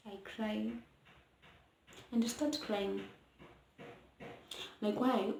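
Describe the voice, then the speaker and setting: A young woman with a Kenyan accent chats through a casual storytime vlog, slipping between English and Swahili. She talks at a medium pitch and sometimes keeps her voice low so the baby won't wake. The home bedroom gives an echoey sound with a faint hiss underneath. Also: steady tone, very slow, gravelly. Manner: chatty, mixes English with Swahili; hushed at times to let baby sleep. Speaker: vlogger. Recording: roomy echo, faint noise.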